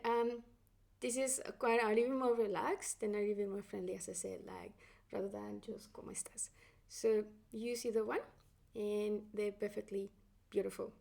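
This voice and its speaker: A woman teaching Spanish in a patient, encouraging way, her Latin American Spanish accent clear in every phrase. She speaks a touch high, with gravelly fry in her voice, and often pauses on fillers and restarts her sentences. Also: a little mellow. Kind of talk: online language lesson.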